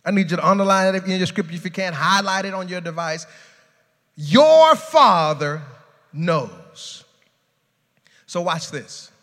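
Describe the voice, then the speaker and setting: A male pastor preaches with a high, bright, ringing voice, swinging from hushed low lines up to loud, climbing shouts. His words carry a long reverb through a large sanctuary. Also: little pitch movement, fast talker, hardly any pauses. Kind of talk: sermon.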